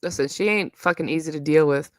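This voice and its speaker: A woman's voice: sits low, fairly quick, dry recording, clean studio sound. A young woman with a New York accent, ranting bluntly and profanely in a rambling casual livestream. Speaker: live streamer.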